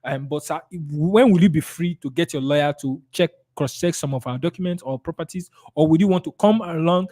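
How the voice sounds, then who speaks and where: Energetic Nigerian man teaching sales. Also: on the high side, a little fast, few pauses. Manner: energetic, reads chat comments aloud, role-plays client replies. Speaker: sales trainer. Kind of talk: live webinar teaching.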